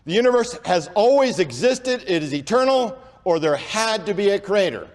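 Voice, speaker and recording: A man with a notably high voice delivers a preaching lecture, pressing each point hard and stretching out his key words. He runs phrases together with barely a breath between them. His voice carries a long reverb tail, as from a large hall. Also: animated. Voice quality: says he has a speech impediment and talks without pausing for breath. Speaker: creationist speaker.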